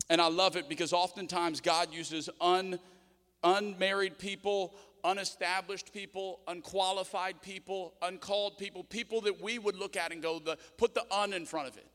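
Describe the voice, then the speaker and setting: A man's voice: high-pitched, steady tone, normal speed, fairly bright tone. A middle-aged man, a pastor, preaching a sermon and telling stories with self-mocking humor. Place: church auditorium. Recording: long reverb in a church hall.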